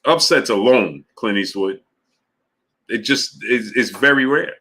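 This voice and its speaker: A man running a live stream and reading out his viewers' chat, with a bright, forceful tone. He gets exasperated and repeats himself, his voice climbing high when he argues a point and sinking low and quiet when he gives up. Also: a little slow. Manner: exasperated, repetitive, voice jumps high when arguing.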